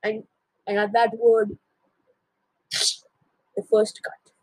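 A teenage boy retells an old myth at an unhurried pace, breaking off for jokes and correcting himself. His voice is light, high and breathy, and the recording is dry and close. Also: completely flat delivery, a little mellow, dry recording, poor audio. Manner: jokey asides, self-corrections. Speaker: storyteller.

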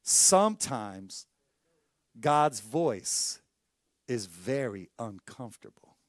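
A man preaching a sermon as pastor, telling stories with lively acted-out voices and dropping to a hushed tone for emphasis. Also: medium pitch, slow pace, no room sound, studio quality. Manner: animated storytelling preacher, acts out voices in anecdotes.

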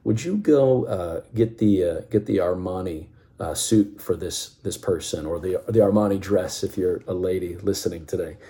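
A man voicing a smiling, gracious male company CEO who speaks warmly and courteously. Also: low voice, moderate pace.

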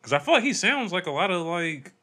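A man's voice: high voice, sing-song, brisk, pushed and bright. A man co-hosting a casual podcast, laughing easily and swearing freely as he talks. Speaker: podcast co-host. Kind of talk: casual chat.

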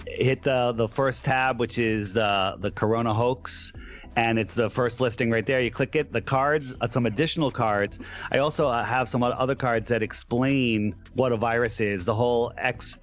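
A man's voice: mid-range voice, lo-fi sound. A man telling an anecdote on a talk show, acting out the people in his story. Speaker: guest.

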